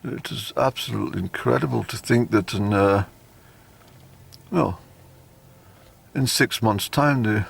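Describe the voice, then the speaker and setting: A man's voice: lowish voice, measured pace, gravelly, pauses often, slightly rough. A man, rambling in a wry, self-deprecating vlog monologue recorded outdoors. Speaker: vlogger. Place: outdoors in a car park.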